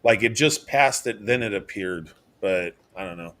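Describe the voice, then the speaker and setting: A man's voice: on the low side, expressive, moderate pace, a bit bright. A man co-hosting a podcast, chatting casually about videos and often hesitating with fillers and restarts. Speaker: podcast co-host. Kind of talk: casual chat reacting to videos.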